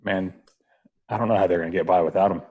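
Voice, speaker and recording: Deadpan male co-host, very deep and husky voice. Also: quick pace, narrow, tinny audio. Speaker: podcast co-host. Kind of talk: casual chat.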